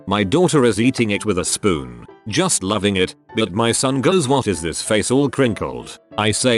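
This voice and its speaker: Male narrator with a lowish voice, lively storytelling reads, faint music underneath. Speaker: narrator of reader-submitted stories. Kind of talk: scripted narration.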